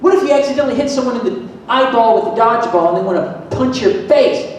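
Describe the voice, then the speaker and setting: A man from Florida giving a lively, emphatic talk to an audience, asking them questions, heard from a distance in a large hall. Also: quick pace. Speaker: motivational speaker at a school event. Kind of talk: energetic public talk to an audience. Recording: echoey hall, distant mic, faint rumble.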